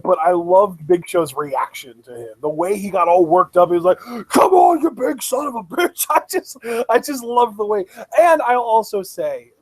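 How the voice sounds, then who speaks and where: A young man with a high voice, recorded dry and close, chatting as a co-host of a wrestling review. He sounds enthusiastic, laughs often, and fills his sentences with "like" and restarts. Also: no room sound, low-quality recording. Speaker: podcast co-host. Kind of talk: casual wrestling review chat.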